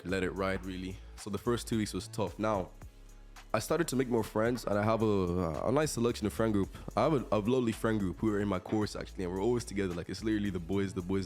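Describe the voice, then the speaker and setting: An eighteen-year-old man hosting a podcast, telling stories from college in a chatty, animated way and laughing often. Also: lowish voice. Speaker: podcast host, college student. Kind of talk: casual storytelling.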